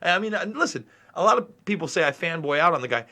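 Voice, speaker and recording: A man hosting a casual podcast, his voice bright and tense, rising and falling with lively swings. He talks in an animated way, swears freely and often breaks into laughter. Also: a little high, fast talker. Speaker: podcast host. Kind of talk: casual sports chat.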